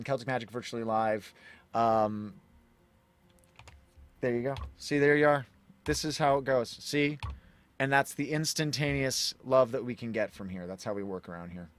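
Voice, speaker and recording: Guy chatting on his livestream, rambly, laughs at himself, quiet guitar in the back. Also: medium pitch, no room sound. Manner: rambling, self-interrupting, chuckling asides. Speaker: livestream host and magician. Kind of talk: casual live-stream chat.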